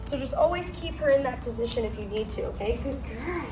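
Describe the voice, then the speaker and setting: Dog trainer, woman, high-pitched, instructive and upbeat praise; roomy echo, music bed. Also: animated, fast, recorded from a distance. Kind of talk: outdoor training demonstration. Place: outdoors on a driveway or street.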